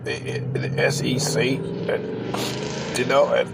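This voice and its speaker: A man's voice: mid-range voice, monotone, measured pace, creaky, heavy background noise. A man hosting his own channel, ranting emotionally about football, emphatic and repetitive, tagging "man" onto his sentences. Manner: openly emotional, says he cries on camera. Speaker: channel host. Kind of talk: ranting football reaction vlog.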